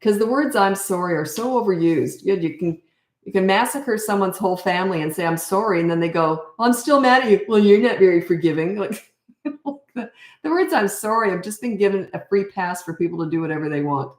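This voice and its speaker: A woman's voice: medium pitch, animated, brisk. A middle-aged woman parenting coach talking casually through a live Q&A. She is tired and chatty, and often drifts off on tangents. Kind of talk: live Q&A chat. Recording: roomy echo.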